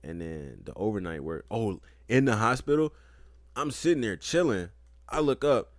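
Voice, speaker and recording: A man's voice: on the low side, lively intonation, normal speed, no room sound. A young man co-hosting a podcast, telling rambling, profane anecdotes in a laid-back casual chat. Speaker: podcast co-host.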